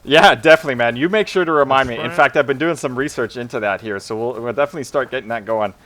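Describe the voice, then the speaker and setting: Male streamer, mid pitch, casual chat to viewers, quick calls to his squad. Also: fairly bright tone. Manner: chats with viewers, barks orders to teammates. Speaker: game streamer. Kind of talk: casual live gameplay commentary.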